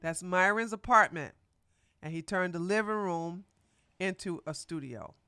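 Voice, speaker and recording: A woman's voice: lowish voice, a little slow, sharp tone, clear, resonant tone, dry recording, faint music behind. A streamer, likely a woman, giving rambling, mocking reaction commentary.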